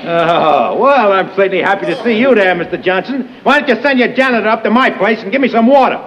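An actor playing a sarcastic, blustering middle-aged tenant in a 1950s TV sitcom, with mocking, theatrical sarcasm. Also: male voice, high voice, lively intonation, fast talker, a bit bright, dull audio. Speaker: sitcom character.

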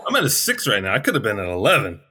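A man's voice: on the low side, wildly swooping pitch, racing, pushed and bright, husky. A man chatting as a podcast guest, giggly and jokey, going off on rambling comic rants. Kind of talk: casual chat.

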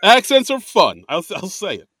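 A man's voice: high-pitched, huge pitch swings, normal speed, fairly bright tone, no echo, studio quality. A man co-hosting a podcast in casual chat, rambling and playful. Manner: rambling, many fillers and restarts, playful. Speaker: podcast co-host.

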